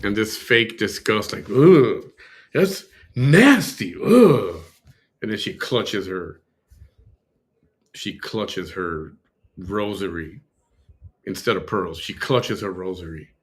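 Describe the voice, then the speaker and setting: A man's voice: sits low, slow pace, long pauses, sharp tone. A man hosting a livestream, commenting in a mocking, sarcastic way. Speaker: host.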